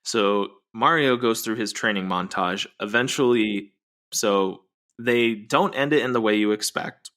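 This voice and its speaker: A man's voice: fairly low pitch, measured pace, fairly bright tone. A man co-hosting a podcast, playfully recapping a movie's plot and teasing his co-host.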